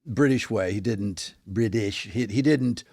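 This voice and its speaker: A man in his sixties, a guest telling animated anecdotes in an interview, often restarting his sentences. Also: on the low side, a little slow, no room sound, studio quality. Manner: animated storyteller with many restarts. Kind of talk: interview storytelling.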